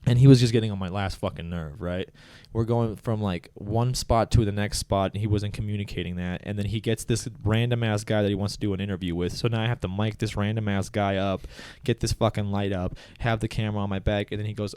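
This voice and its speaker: Man with a smooth, low voice telling a sweary story. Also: fast, few pauses, no room sound. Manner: animated storyteller, swears freely, laughs loudly at his own story. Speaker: podcast co-host telling a work story. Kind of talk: casual comedy podcast chat.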